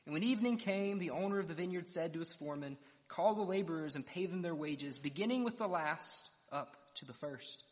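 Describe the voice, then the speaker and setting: A man's voice: on the high side, expressive, fairly quick. Man preaching in a reverberant hall. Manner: dramatic storytelling, verse by verse. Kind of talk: expository sermon. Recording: long reverb of a large hall.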